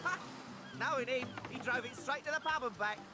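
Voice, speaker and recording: Gossiping game sailor, Birmingham accent, high-pitched, wheezy laughter, loud music behind. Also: male voice, brisk. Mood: gossipy. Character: gossiping chatty male sailor, jokey. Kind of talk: game character dialogue.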